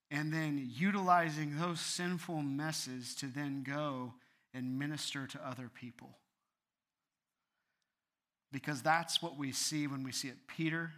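A man's voice: mid-range voice, bright, forceful tone. A man preaching an earnest sermon as a pastor, building to fervent appeals.

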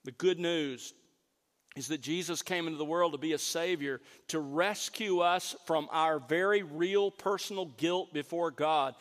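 A man preaching a sermon, slowing down to stress key words. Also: a little high, in a large hall. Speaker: pastor.

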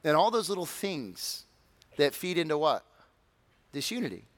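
A man preaching a sermon as pastor, conversational and animated, with humorous asides and acted-out voices of excited listeners. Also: moderate pace, no room sound. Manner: animated, acts out excited congregants in high shouts.

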